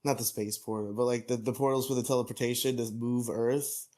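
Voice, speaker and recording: A man co-hosting a podcast in casual chat, talking excitably with lots of swearing and laughter. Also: medium pitch, brisk. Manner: excitable, profane, laughing often. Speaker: podcast co-host.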